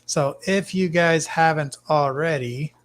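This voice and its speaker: A man hosting a casual live stream from his fish room, greeting chat viewers by name in a relaxed way. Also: a little high, slow. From Arizona, US. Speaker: livestream host.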